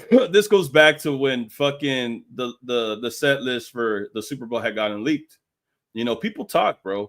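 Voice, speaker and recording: A man's voice: on the high side, fairly bright tone. A man hosting a casual live stream, talking in a slangy, profane way and laughing often.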